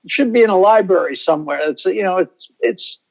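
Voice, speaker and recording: An older comedian guest on a video call, telling stories in a rambling, self-interrupting way. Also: male voice, sits high, expressive, brisk, gravelly, darkish tone, dull audio.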